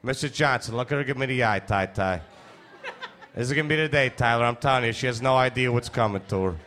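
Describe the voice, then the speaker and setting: A man's voice: medium pitch, quick pace, fairly bright tone, faint music behind, voice pushed down, natural voice. A stand-up comedian voicing a foul-mouthed, swaggering two-year-old boy in the middle of his act. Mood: taunting. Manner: taunting, swaggering. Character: foul-mouthed bragging male toddler.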